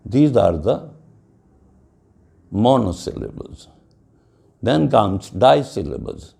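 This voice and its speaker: A man's voice: fairly low pitch, big pitch swings, slow pace, creaky, pauses often, warm tone. A man giving an English lecture on syllables, spelling words out letter by letter and slipping into Hindi at times. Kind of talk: classroom lecture.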